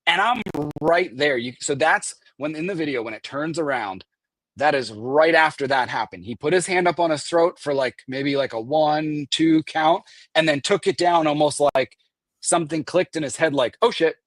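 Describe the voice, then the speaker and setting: Animated man telling a story, dry sound. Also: a little high, moderate pace, no room sound. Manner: animated, acts out quoted voices, swears. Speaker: guest recounting an event. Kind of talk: casual storytelling.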